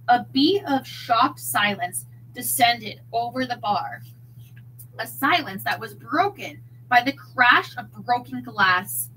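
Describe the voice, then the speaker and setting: A woman reading a mystery novel aloud in an expressive, dramatic way. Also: a little high, slow, slight background noise, rough recording. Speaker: narrator.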